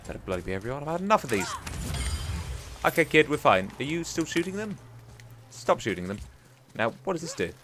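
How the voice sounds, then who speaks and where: A young man's fairly high, very animated voice moves briskly but with long pauses, over a noisy background. As a gaming YouTuber, he keeps up a chatty, jokey running commentary to himself while he plays.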